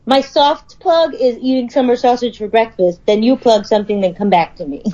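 Thirtysomething woman cohosting a podcast, blunt, swears, kinda high voice, dull lo-fi audio. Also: normal speed, mellow. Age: 30s. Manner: blunt, swears, laughs a lot. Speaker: podcast co-host. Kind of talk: casual chat.

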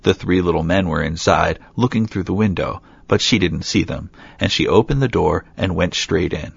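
A man with a very deep, gravelly voice reads a fairy tale aloud, steady, with light asides. His tone is husky rather than clear. The recording is dry, close and dull, with little top end. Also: normal speed, no room sound. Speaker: storyteller.

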